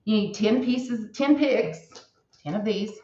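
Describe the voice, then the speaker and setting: A woman's voice: medium pitch, expressive, measured pace, warm tone. A middle-aged woman talking through a craft demonstration in a chatty, rambling, folksy way, checking in with her viewers as she works. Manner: chatty, rambling, folksy, says "hon" and "right?". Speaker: craft instructor. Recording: echoey room, slightly dull sound.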